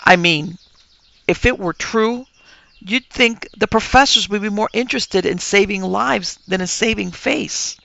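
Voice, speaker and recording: A man's voice: high voice, measured pace, creaky, sharp tone, dull audio, pitched above the performer's own voice, full character voice. A man reading a stubborn young apprentice wizard. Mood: fretful. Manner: earnest and fretful.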